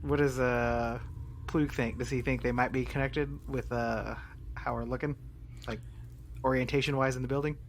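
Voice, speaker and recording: A man playing a tabletop game, talking hesitantly with many pauses. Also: medium pitch, steady tone, a little hiss or hum. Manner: hesitant, filler-heavy. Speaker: player. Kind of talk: casual tabletop game chat.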